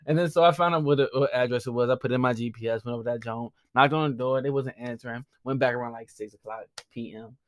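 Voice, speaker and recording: A young man co-hosting a podcast, telling a story in casual chat, animated and laughing often. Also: mid-range voice, quick pace, hardly any pauses. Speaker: podcast co-host.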